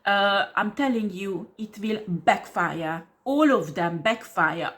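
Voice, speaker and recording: This tarot reader speaks slowly yet barely pauses, her mid-range voice a bit bright. Talking to camera, she is blunt and argumentative, swears, scoffs with laughter, and keeps asking "do you understand?" and "okay?"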